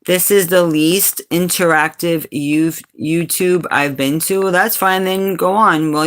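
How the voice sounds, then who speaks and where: A New England woman with a low, sultry, slightly bright voice hosts a casual livestream. She's sassy, talking back directly to the comments in her chat.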